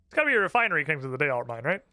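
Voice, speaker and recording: A man's voice: fairly high pitch, very animated, rapid-fire, bright, forceful tone, clear, resonant tone, dry recording, soft background music. Chatty, profane male game streamer. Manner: chatty, profane, laughs a lot. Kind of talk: casual gameplay commentary.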